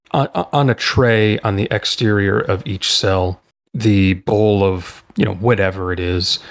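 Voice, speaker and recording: A man narrating as game master of a tabletop role-playing game, in loose, halting speech full of fillers. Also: low voice, gravelly, fairly bright tone.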